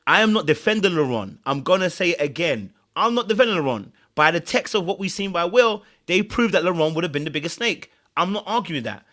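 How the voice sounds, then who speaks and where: A man's voice: sits high, fairly quick, hardly any pauses. A man hosting a podcast, giving emphatic commentary on a reality show and acting out the people he quotes. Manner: animated, emphatic, acts out quotes. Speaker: podcast host.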